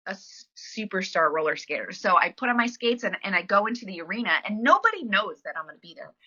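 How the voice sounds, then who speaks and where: A woman's voice: mid-range voice, bright, forceful tone. A woman telling stories in a casual interview, chatty and filler-heavy, acting out the lines of people she quotes. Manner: chatty storyteller, many fillers, acts out quotes. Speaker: podcast guest, former wrestler. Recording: dull lo-fi recording.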